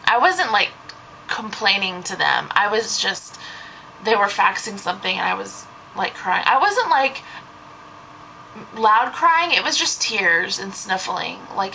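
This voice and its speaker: Gravelly bright young woman rambling. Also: medium pitch, slight background noise, low-quality recording. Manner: rambling, heavy use of "like". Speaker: babysitter. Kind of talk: casual storytelling vlog.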